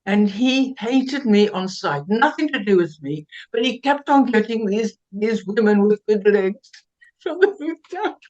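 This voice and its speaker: An older woman from South Africa, a guest telling lively, self-mocking stories with laughs and many restarts. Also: mid-range voice, measured pace, dull audio. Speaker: interview guest. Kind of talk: anecdotal storytelling interview.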